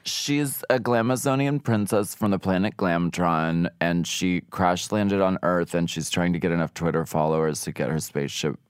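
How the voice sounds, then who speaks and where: A man's voice: deep voice, normal speed, few pauses, clean tone, dry recording. A man from Pennsylvania, a drag queen guest on a podcast, chatting casually with dry, playful humor. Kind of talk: casual interview chat.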